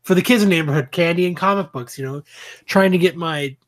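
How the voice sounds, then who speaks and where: A man's voice: on the high side, fast talker. A man co-hosting a podcast, telling a story in casual, profanity-laced chat. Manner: swears freely while telling stories. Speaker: podcast co-host.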